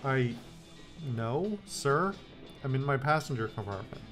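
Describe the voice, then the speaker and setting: A man's voice: medium pitch, lively intonation, a little slow, fairly bright tone, faint music behind. Man doing a polite young passenger, meek, plain voice, video game.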